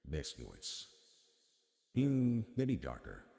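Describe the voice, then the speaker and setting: A man speaking through an AI voice changer that turns him into a deep male narrator voice, chatting casually and fumbling over his words. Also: wildly swooping pitch, drawn-out words, creaky, mellow, in a large hall, a little hiss or hum, exaggerated voice. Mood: amused. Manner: self-mocking, amused, fumbling over words. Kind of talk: casual live-stream chat.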